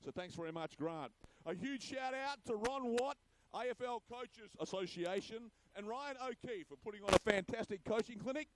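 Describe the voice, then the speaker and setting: Boisterous high-voiced emcee. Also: male voice, animated, moderate pace, very noisy. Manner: jokey, boisterous, hushing the crowd. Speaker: master of ceremonies. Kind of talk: awards-ceremony emcee speech.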